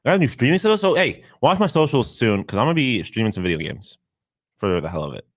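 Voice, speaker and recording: A man co-hosting a sports show in casual chat, animated and loose, with casual swearing. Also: medium pitch, fast, no echo. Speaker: co-host.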